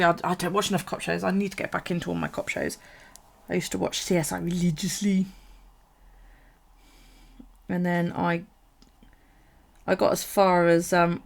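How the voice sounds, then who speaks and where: A woman with a gravelly, fry-edged voice talks casually through a live stream. She swears freely, laughs often and answers viewers' comments as she chats. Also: fairly low pitch. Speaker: bullet journal vlogger.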